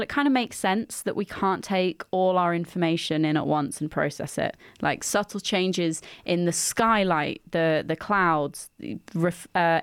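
A young woman co-hosts a student radio show in a relaxed, chatty way. Her voice sits fairly low and comes across dry and close, with no room sound. She explains ideas by piling up examples and little asides. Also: clear, resonant tone, no room sound. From England. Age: young adult. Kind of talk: casual radio chat. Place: small radio studio.

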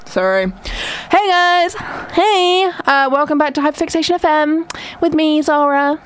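A young woman hosting a radio show, chatting in an excitable, theatrical way and often interrupting herself. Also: sits high, unhurried, dry recording. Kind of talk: casual radio chat.

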